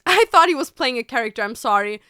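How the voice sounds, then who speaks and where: A woman streamer talks casually and bluntly to her viewers, with plenty of swearing and "babes." Her voice is fairly high, bright and crisp, close and dry. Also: expressive, quick pace, no room sound. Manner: blunt, profane, keeps calling listeners babes.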